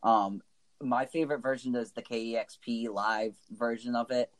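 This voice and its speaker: A man's voice: medium pitch, fairly even intonation, moderate pace, poor audio. A man co-hosting a casual music chat, talking enthusiastically and emotionally, with lots of likes and ums. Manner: enthusiastic, emotional, many fillers. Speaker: podcast co-host.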